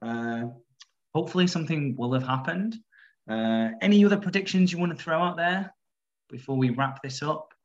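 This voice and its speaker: A man's voice: on the high side, normal speed, muffled recording. A man hosting a rewatch podcast, chatting casually with frequent fillers and laughs. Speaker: podcast host.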